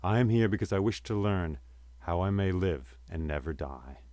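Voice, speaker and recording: A man's voice: deep voice, expressive, moderate pace, darkish tone, no room sound. A man voicing a grieving hero king on a desperate quest, speaking in an earnest, sorrowful way.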